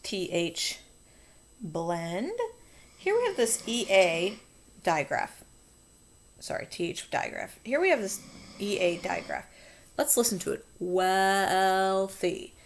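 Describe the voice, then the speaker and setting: A woman's voice: medium pitch, big pitch swings, takes it slowly, pauses often, slight background noise. A woman teacher talking students through a phonics coding lesson, patient and encouraging.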